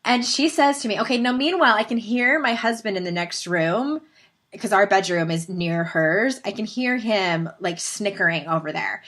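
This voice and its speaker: A woman in her thirties with a Southern California accent, hosting a podcast and telling a story in a chatty, animated way with laughing asides. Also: medium pitch, moderate pace. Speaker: podcast host. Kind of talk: casual storytelling monologue.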